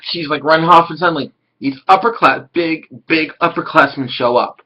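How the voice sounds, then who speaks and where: A man casually reviewing an anime episode, rambling and excitable, swearing now and then. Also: a little high, moderate pace, hardly any pauses, low-quality recording.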